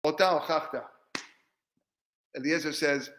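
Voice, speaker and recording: A high-pitched man teaches a Torah class as a rabbi. He is animated, often repeats himself and acts out short exchanges. His voice carries in an echoey room. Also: normal speed. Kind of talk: Torah lesson.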